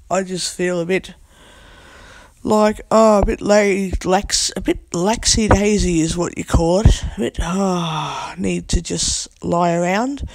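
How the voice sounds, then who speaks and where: A woman with a hoarse, croaky voice, chatting casually in a vlog from her bed, recorded on a phone. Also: fairly low pitch, darkish tone. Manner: rambling, chatty. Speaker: vlogger. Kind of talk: casual chat. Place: in bed at home.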